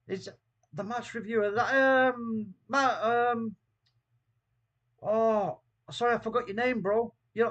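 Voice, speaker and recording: High-voiced man hosting a rowdy watchalong. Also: highs cut off. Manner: swings from shouting disbelief to low, weary muttering; chatty, greets viewers by name with slang. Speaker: host of a fan watchalong stream. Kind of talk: live football watchalong commentary.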